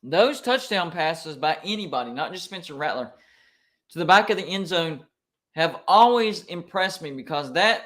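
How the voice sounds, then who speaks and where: Excitable man reacting to live football. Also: on the high side, normal speed. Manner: excitable, emotional fan reactions and complaining. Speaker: streamer watching live football.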